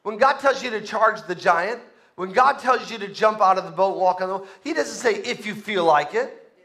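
A man's voice: high-pitched, a little fast, bright, forceful tone. A male pastor preaching a sermon, with emphatic repetition and call-and-response to the congregation.

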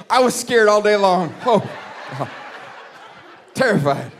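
High-voiced preacher telling funny stories. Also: male voice, unhurried, pauses often, some chatter behind, a little hiss or hum. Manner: animated, humorous storytelling. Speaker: pastor. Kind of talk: sermon.

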